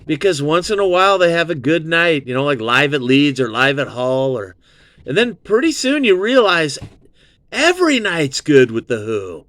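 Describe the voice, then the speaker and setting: A man's voice: a little high, sing-song, moderate pace, fairly bright tone, no echo. A man in his fifties from Southern California, hosting his own show with a casual, rambling, profane music review. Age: 50s. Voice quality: profane, meandering, full of fillers.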